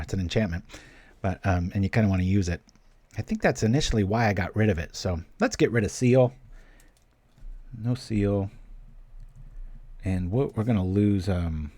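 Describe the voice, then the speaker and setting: A man's voice: sits low, mellow, dry recording. A man hosting a card-game stream, giving casual live commentary as he plays and thinking aloud in a playful, chatty way.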